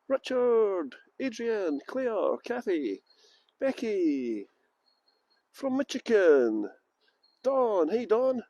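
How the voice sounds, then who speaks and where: A man's voice: very high voice, darkish tone, no room sound. A Scottish man guiding a live-streamed walking tour outdoors in a garden, greeting viewers by name with jokey, self-mocking banter. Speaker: tour guide.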